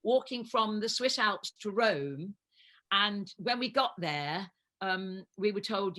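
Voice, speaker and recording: A woman's voice: mid-range voice, moderate pace, fairly bright tone. A woman in her seventies, a guest actress telling stories in a chatty, laughing way on a talk show. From England. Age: 70s. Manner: chatty storytelling, laughs often. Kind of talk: casual chat.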